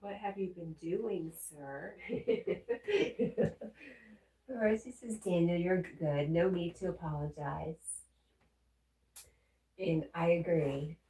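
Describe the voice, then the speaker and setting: A woman's voice: lowish voice, warm tone. A woman hosting a casual early-morning livestream at home, reading viewer comments aloud and cooing in baby talk to her dog. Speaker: livestream host. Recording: roomy sound, mic far off.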